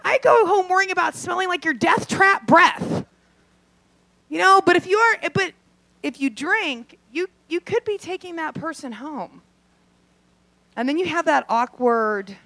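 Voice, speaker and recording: A young adult woman performing a brash, profane stand-up set, acting out quick voices in her asides. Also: sits high, fairly bright tone, no room sound. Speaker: stand-up comedian. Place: comedy club stage.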